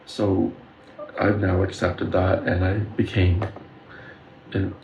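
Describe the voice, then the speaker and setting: A man's voice: low-pitched, completely flat delivery, a little mellow, muffled recording. A man from the Windsor and Detroit area telling personal stories in an earnest, intense monologue. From Windsor, Ontario and Detroit area. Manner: earnest, intense, storytelling with filler pauses. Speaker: video creator talking about his spiritual experiences. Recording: echoey room with faint background noise.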